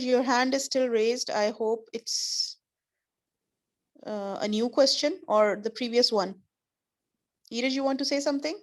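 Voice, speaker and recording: A woman teacher leads an online class over a video call. Her voice sits a little high, and she explains slowly and kindly, giving example after example.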